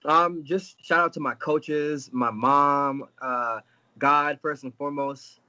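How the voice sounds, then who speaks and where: A young man from Jamaica, a fighter on a live video-call interview, telling stories in a laughing, animated way. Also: a little high, slow. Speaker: UFC fighter guest. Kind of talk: casual live interview chat.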